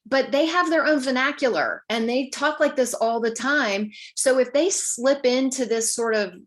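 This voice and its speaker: A woman's voice: high voice, moderate pace. A woman speaking as a patient advocate to a community group, practical and conversational, acting out short exchanges with nurses and doctors. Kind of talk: informal talk to community group.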